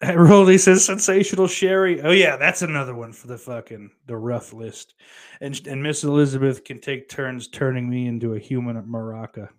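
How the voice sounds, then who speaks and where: Reading chat aloud on a casual livestream, this man uses a fake Irish accent, swearing a lot and dissolving into giggles. His medium-pitched voice has fairly even intonation and a moderate pace.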